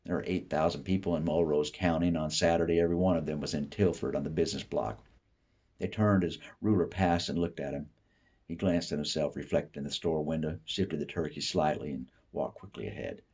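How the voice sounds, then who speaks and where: A man from the Appalachian South giving a steady, unhurried literary reading of a short story. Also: a bass voice, husky. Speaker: author reading fiction.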